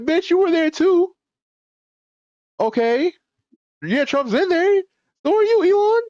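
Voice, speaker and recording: A man's voice: extremely high pitch, lively intonation, slow pace, pauses often, darkish tone, no room sound, highs cut off. A man streaming a casual reaction to a news clip, swearing freely, laughing often and talking in slang. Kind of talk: casual profane reaction commentary.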